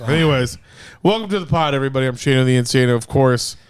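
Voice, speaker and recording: Man, podcast host, rowdy banter, swearing, smooth resonant voice. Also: medium pitch, lively intonation, fast talker, dry recording, clean studio sound. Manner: rowdy, swearing, laughing storyteller. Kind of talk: casual drunk podcast banter. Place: hotel room.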